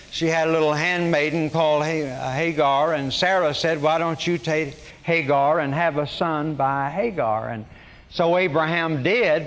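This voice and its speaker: A man delivers a sermon in a conversational, storytelling way. His voice sits a little high, and he often restarts his phrases with a touch of wry humor. Long reverb trails after his words. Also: fairly bright tone. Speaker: pastor.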